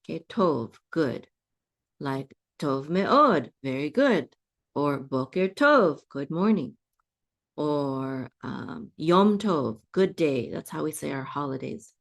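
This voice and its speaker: A patient woman walks her listeners through a Bible Hebrew lesson at an unhurried pace. Her voice sits a little low, and she keeps pausing to ask if they follow, going back over her own phrases. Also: lively intonation, creaky. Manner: patient, checks in with "okay?" often, restarts phrases. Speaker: Hebrew teacher.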